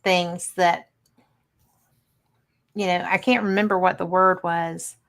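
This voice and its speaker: Gravelly woman host in chat. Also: fairly low pitch, fairly even intonation, a bit bright. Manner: chatty, reflective, quick to laugh. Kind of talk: casual chat.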